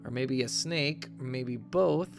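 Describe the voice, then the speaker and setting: A man's voice: mid-range voice, a little slow, creaky, over music. A man voicing a bubbly teenage girl. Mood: excited. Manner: bubbly and excited. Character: eager teenage girl heading to college.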